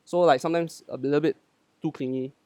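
A man's voice: on the high side, steady tone, fast, a little mellow, no echo. A man, a podcast guest giving short, matter-of-fact answers. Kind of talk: casual podcast chat.

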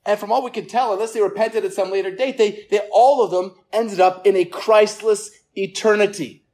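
A pastor preaching a sermon to a gathered congregation. The delivery is earnest, often repeats words, and falls quiet for emphasis. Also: mid-range voice, fairly even intonation, normal speed. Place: church service room with listeners.

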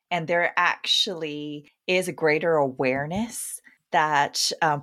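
A woman with a notably low voice, speaking as a talent agent in a relaxed panel Q&A. She talks frankly and upbeat, with easy laughter in her manner. Her delivery is conversational and direct. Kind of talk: casual panel Q&A.

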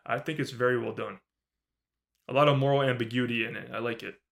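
A man co-hosting a podcast, recapping a horror film in casual, animated talk, swearing often and acting out the characters' lines. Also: mid-range voice, fast, vocal fry. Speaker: podcast co-host. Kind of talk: casual movie review recap.

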